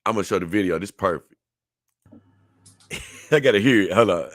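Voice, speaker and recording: A man giving casual, animated reaction commentary, exclaiming and laughing as he talks. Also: on the low side, moderate pace, pauses often, background noise. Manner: animated, exclaiming and laughing, dips into mock voices. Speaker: video reactor.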